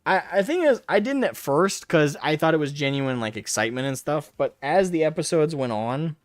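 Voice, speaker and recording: A man's voice: on the high side, expressive, normal speed, no room sound, clean studio sound. A man hosting a live stream, talking in a brash, mocking way and taunting people in a raised voice. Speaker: livestream host. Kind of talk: casual livestream commentary.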